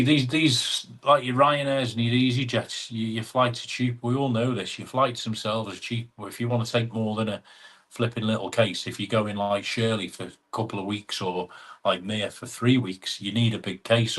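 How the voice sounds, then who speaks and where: A man's voice: lowish voice, fairly bright tone. A man with an English accent hosting a casual live stream, chatting in a matey way and reading out viewer comments.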